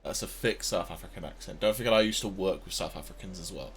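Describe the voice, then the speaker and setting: A man's voice: low-pitched, quick pace, a little hiss or hum. A man chatting casually and joking while he plays and explains a game on stream. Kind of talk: casual gameplay commentary.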